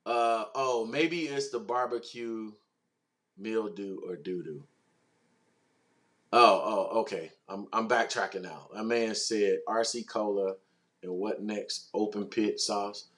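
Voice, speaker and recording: A man hosting a casual sports livestream, talking in an animated, slangy way and answering chat comments. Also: fairly low pitch, takes it slowly. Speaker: host.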